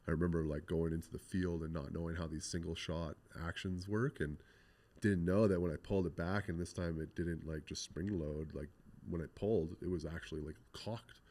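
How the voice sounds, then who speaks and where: Deep-voiced man telling a rough story. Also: fairly even intonation, brisk, mellow. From Canada. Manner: rambling, swears often, full of "like". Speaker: podcast guest. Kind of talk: casual storytelling interview.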